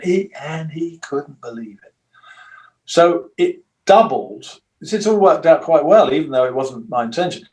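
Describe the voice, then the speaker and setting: An older man, a guitarist, telling long, rambling stories in a relaxed interview and acting out the voices of people he quotes. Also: on the high side, measured pace. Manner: rambling storyteller who acts out quoted voices. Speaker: guitarist guest.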